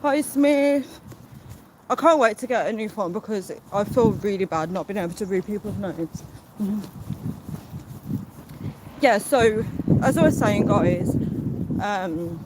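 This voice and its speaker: Breathless woman vlogging on a loud street. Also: medium pitch, animated, takes it slowly, long pauses. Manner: chatty, easily distracted, apologetic. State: out of breath from walking. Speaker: vlogger doing a live video. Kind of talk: casual rambling live stream while walking. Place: busy city street outdoors. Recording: loud street traffic behind.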